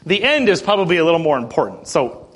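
A man's voice: on the high side, sing-song, fairly quick, creaky, husky. A man preaching a sermon in a conversational way, breaking down scripture with asides and acted quotes. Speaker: pastor.

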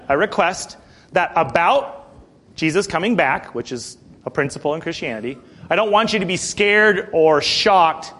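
A man's voice: on the high side, fairly bright tone. A man preaching a sermon in a conversational way, breaking down scripture with asides and acted quotes. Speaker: pastor.

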